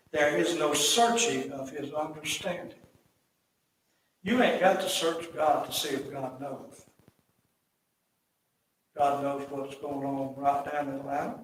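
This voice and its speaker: Folksy preacher in an echoey church. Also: male voice, a little high, a little hiss or hum. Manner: folksy, builds to loud emphatic repetition. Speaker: pastor. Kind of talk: sermon. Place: church sanctuary. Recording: echoey church hall, mic at a distance.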